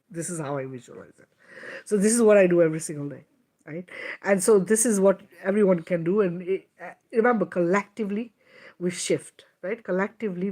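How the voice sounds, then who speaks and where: A woman's voice: fairly low pitch, a little mellow. A woman giving a spiritual healing talk in a casual, emphatic way, swearing freely, laughing, and often checking in with "right?". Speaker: spiritual teacher. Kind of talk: spiritual teaching monologue.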